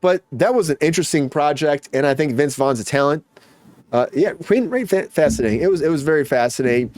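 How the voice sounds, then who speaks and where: A middle-aged man hosts a casual podcast, pitched a bit above most men. He tells stories in a profane, animated way. His voice is recorded dry and close. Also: fairly quick, no echo. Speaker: podcast host. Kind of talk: casual chat, storytelling.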